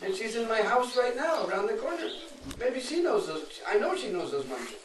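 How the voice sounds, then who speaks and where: A woman's voice: on the high side, big pitch swings, fairly quick, background noise, pitched above the performer's own voice. A man voicing a chatty, reassuring young woman, heard in an echoey, distant recording.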